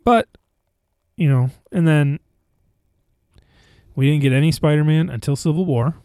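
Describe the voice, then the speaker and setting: A talkative man recapping films in a loose, rambling way, restarting sentences as he goes. His voice sits a little high for a man. The sound is dry and close, with no room around it. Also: measured pace, mellow, no room sound. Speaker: podcast co-host. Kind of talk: casual movie chat.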